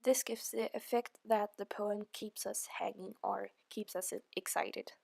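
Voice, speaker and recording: Woman, student presenter, hesitant, slow delivery, gravelly fry. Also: medium pitch, steady tone, a little mellow. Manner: hesitant, with frequent pauses and fillers. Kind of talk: spoken poetry analysis.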